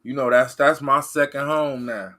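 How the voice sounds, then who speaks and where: A man's voice: medium pitch, fairly even intonation, moderate pace, sharp tone. Fired-up man ranting on a livestream. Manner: rambling, repetitive, fired up. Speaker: livestream host reading chat. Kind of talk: casual livestream rant.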